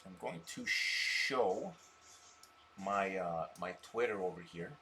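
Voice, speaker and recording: A man hosting a stock trading live stream, mocking his viewers scornfully and boasting, with loud bursts of laughter between rambling stretches. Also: deep voice, sing-song, slow, vocal fry, slight background noise. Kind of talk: ranting live stream talk.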